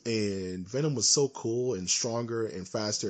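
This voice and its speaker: A man's voice: lowish voice, moderate pace, few pauses. A young man co-hosting a podcast, chatting casually, ranting with animation and laughing often. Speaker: podcast co-host. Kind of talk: casual chat.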